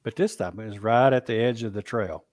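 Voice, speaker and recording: A man's voice: fairly low pitch, darkish tone, dry recording. Man recounting an encounter, dry sound. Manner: halting, with frequent restarts and "you know". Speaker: guest, Bigfoot researcher. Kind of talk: storytelling in a casual interview.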